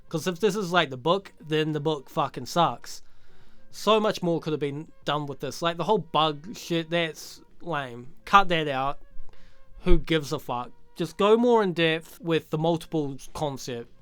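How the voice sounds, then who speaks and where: A man's voice: fairly high pitch, lively intonation, unhurried, fairly bright tone, smooth, no room sound, faint music behind. A man ranting through a casual movie review, profane, rambling and sardonic.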